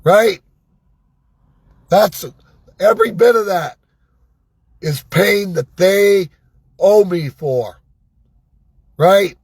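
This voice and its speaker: An older man with a high, husky voice vents in a slow, agitated monologue, swearing and asking "right?" again and again. The sound is dry and close, with no room around it. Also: a little mellow, no room sound. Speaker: vlogger. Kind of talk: angry personal monologue.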